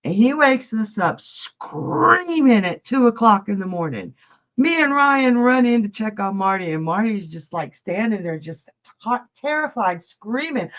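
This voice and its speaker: A woman's voice: a little high, animated, a little slow, fairly bright tone. A middle-aged woman giving psychic readings on a live stream, chatty and jokey, laughing often. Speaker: psychic reader. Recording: dull lo-fi stream audio.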